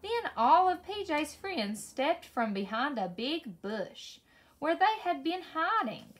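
Reading a kids' tale out loud, a female storyteller takes her time, giving an expressive performance with animated shifts in pitch.

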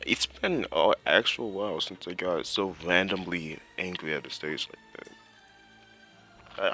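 A young man with a low, deep voice talks through his gameplay in loose, slangy self-talk. His tone is bright and forceful, and he fills gaps with filler words. Faint game music plays quietly underneath. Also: unhurried. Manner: talks to himself while playing, slangy, with many fillers. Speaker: gameplay commentator. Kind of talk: casual gameplay commentary.

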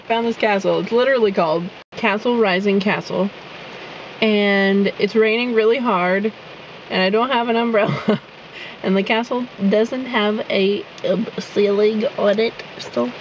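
A woman's voice: medium pitch, a little slow. A woman vlogging casually to her camera, chatty and giggly, talking to her dog. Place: indoors then outdoors in heavy rain. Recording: muffled with background noise.

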